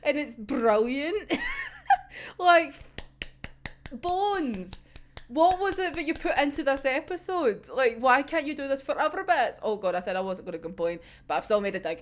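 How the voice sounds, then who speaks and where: A young woman talks through an anime episode in a high voice. Her pitch leaps all over the place. She rambles, swears freely and keeps dissolving into laughter. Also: animated, normal speed. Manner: gushing, rambling, swears a lot, laughs often. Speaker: anime reviewer. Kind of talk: excited episode discussion.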